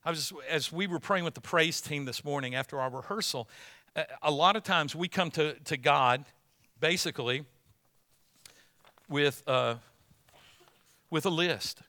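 A man's voice: on the high side, a little slow, pauses often, bright, forceful tone. A middle-aged male pastor giving a sermon, moving between folksy everyday stories and emphatic, repeated declarations. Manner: folksy storytelling, swelling to emphatic preaching.

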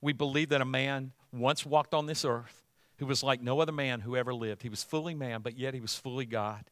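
A man preaching a sermon as pastor, conversational at first, then building to loud, emphatic passages. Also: medium pitch, fairly even intonation, brisk, no room sound.

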